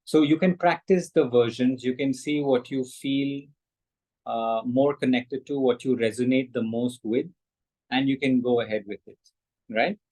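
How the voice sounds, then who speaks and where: Male meditation facilitator, unhurried, soft delivery, mid-pitched. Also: steady tone, rough recording. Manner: slow, soft-spoken, says "right?" often. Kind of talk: guided meditation and mantra teaching.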